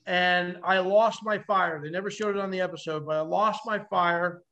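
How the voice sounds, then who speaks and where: A man with a high, forceful voice spins lively survival tales as a podcast guest. He swears freely and slips into the voices of the people in his stories. The sound is dull and lo-fi, as if the audio was compressed. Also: normal speed. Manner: vivid, acts out quoted voices, swears freely. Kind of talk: animated storytelling.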